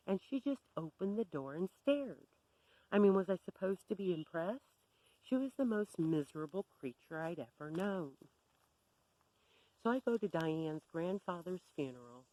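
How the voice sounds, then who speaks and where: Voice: medium pitch, a little mellow, poor audio. A storyteller recounting a personal story in a blunt, wry, candid way.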